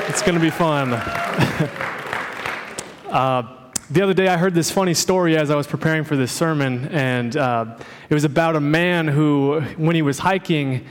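A male pastor with a fairly high voice, telling a story and reading scripture in a relaxed, easygoing way, dotted with filler words. The sound carries a long reverb from a large church sanctuary.

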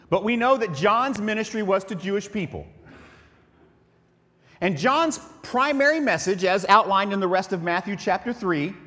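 Joking preacher in an echoey hall. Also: male voice, on the high side, a bit bright. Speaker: pastor. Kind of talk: sermon.

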